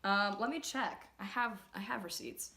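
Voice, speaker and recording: A woman's voice: mid-range voice, normal speed, vocal fry, pushed and bright, reverberant. A young woman chatting casually with her sister while doing makeup, teasing and laughing as she tells stories. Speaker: co-host. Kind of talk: casual chat. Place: home room. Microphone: phone camera close up.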